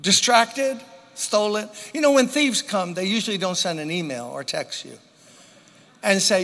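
A man preaching a sermon to a church congregation, with dramatic pauses and emphatic repetition. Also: sits high, animated, creaky, a bit bright. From New York. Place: church sanctuary. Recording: long hall reverb.

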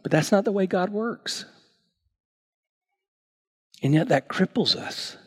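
Male pastor, animated sermon storyteller, voice sitting a little high, repeats and restarts words, swings from loud to hushed. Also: takes it slowly, slightly rough. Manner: animated storyteller, acts out characters with big swings in pitch and volume; stammering restarts.

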